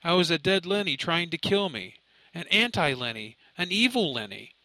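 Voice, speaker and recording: A man's voice: a little high, expressive, moderate pace, bright, forceful tone, dry recording, pitched above the performer's own voice, rough recording. A man voicing a frightened, tearful young man. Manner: pleading, shaky, near tears. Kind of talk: audiobook character voice.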